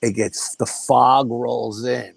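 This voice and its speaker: A man's voice: mid-range voice, takes it slowly, creaky, breathy edge, no echo, rough recording. An older man, a guest in an interview, telling a story casually with profanity and acting out the dialogue. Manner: animated, profane, acts out quoted dialogue. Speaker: guest paranormal investigator.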